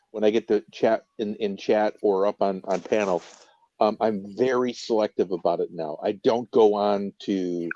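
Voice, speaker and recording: A man's voice: lowish voice, warm tone, muffled recording. A man guesting on a casual livestream chat, earnest and emphatic, often repeating himself.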